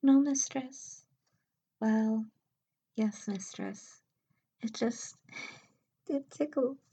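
A nervous young woman, breathless and a little higher than the narration, as a female reader puts her on. The voice is airy and soft, with hesitant starts. It is voiced within a spoken audio story. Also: extremely slow, breathy edge, full character voice.

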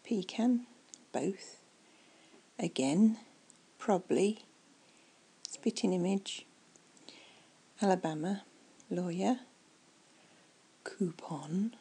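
Woman, whispered ASMR chat, mellow, breathy, rambling. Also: mid-range voice, slow pace, long pauses, poor audio. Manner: soft, rambling, musing aloud.

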